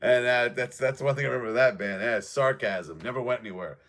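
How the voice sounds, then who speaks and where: A man's voice: mid-range voice, lively intonation, quick pace, a bit bright. A man rambling casually about his past, profane and offhand, trading memories as he goes. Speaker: music show host.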